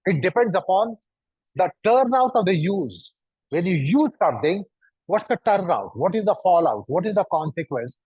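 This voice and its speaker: His high-pitched, slightly rough voice swings widely in pitch as this man teaches a yoga class at a moderate pace. He guides students through poses and keeps probing them with repeated rhetorical questions. The recording is dry, dull and lo-fi.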